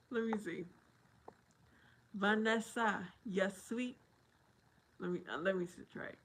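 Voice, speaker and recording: A woman hosting a casual livestream, reading viewer comments aloud slowly and laughing often. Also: medium pitch, a bit bright. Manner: slow, drawn-out reading with frequent laughter. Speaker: livestream host.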